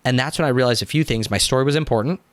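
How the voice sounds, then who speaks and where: A young man, a business coach, telling his story in a casual interview, animated, acting out quotes and using "like" often. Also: mid-range voice, racing, no echo. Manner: animated, acts out quotes, frequent "like" fillers.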